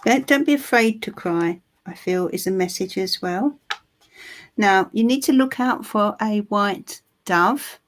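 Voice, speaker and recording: A woman giving a live psychic reading, soothing and reassuring, with frequent pauses and restarts. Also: medium pitch. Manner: soothing, reassuring, calls the listener "my love"; halting, with many ums and restarts. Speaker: tarot reader.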